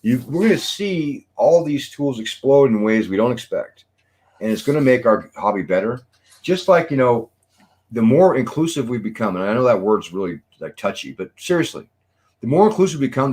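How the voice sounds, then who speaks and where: A man's voice: medium pitch, expressive, a little fast, darkish tone. A man co-hosting a casual chat, talking in long earnest rambles with many fillers. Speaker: podcast co-host.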